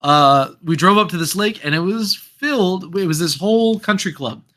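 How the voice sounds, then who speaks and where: A man hosting a podcast, telling a story in a lively, casual way and acting out what people said. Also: sits high, normal speed. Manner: animated storyteller who acts out quotes. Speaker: podcast host.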